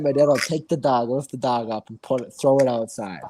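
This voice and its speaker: A man's voice: medium pitch, steady tone, fairly quick, noisy background. A man co-hosting a casual podcast, telling laid-back, profane anecdotes with lots of fillers. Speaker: podcast co-host. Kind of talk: casual chat.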